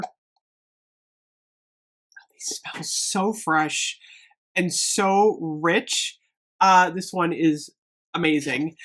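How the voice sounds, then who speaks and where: Woman vlogger, casual unboxing chat, excitable and gushing, mid-pitched voice. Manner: gushing and excitable, often addressing viewers as "you guys". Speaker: YouTube host reviewing candles.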